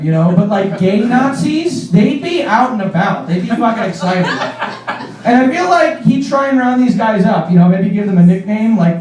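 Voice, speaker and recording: A man's voice: very high voice, animated, moderate pace, darkish tone. A man performing a stand-up comedy set on stage, rambling and laughing at his own jokes, with lots of "like". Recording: echoey room from far off.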